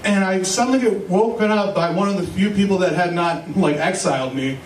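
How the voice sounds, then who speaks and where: High-voiced young man telling a comic story. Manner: rambling, self-mocking, with bursts of quick asides. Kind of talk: stand-up storytelling. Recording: echoey room, mic a bit far, faint hiss.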